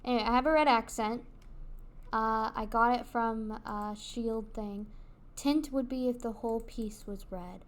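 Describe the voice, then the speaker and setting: A woman's voice: fairly high pitch, measured pace. A woman streaming a video game, chatting casually with her viewers in a giggly, rambling way. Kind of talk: casual gaming livestream chat.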